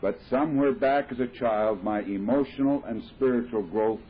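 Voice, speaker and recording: A man's voice: medium pitch, normal speed, a little hiss or hum. A man telling his story at a recovery meeting, talking plainly and explaining things with homely comparisons. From Midwestern United States. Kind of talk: personal talk at a recovery meeting. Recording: tinny 1970s tape of a talk.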